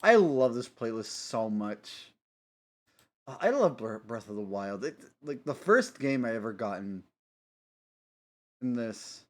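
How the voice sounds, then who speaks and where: A man with an animated mid-range voice talks at a measured pace on a live stream, leaving long pauses. His casual chat rambles, is full of giggles, and he often stops himself mid-sentence.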